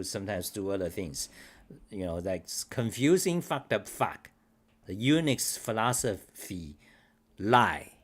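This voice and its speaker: Blunt, rambling male livestream host. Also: lowish voice. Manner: reads and answers live chat. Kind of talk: casual livestream talk.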